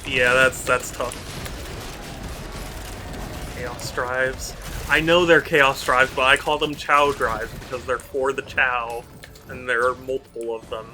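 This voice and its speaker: A man live-streaming a game who bickers good-naturedly with his chat and often sounds exasperated. His pitch sits in a plain middle range, and noticeable hiss from a noisy stream mic runs underneath. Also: steady tone, slow, pauses often.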